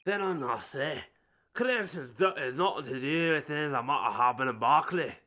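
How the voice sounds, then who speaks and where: A streamer voicing a gruff, hearty male prison governor with a put-on Scottish accent, speaking loud and bluff. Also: medium pitch, lively intonation, normal speed. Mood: stern.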